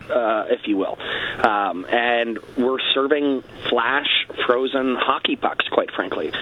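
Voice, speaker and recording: A man's voice: medium pitch, a little hiss or hum. Man, radio guest, rambling, pet phrases, muffled lo-fi sound. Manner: rambling, repeats stock phrases. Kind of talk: satirical talk radio chat.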